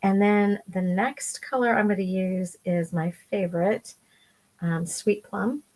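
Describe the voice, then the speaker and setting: A woman's voice: mid-range voice, steady tone, measured pace, a little mellow. A middle-aged woman giving a chatty, enthusiastic makeup tutorial while she applies her eyeshadow. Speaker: makeup vlogger.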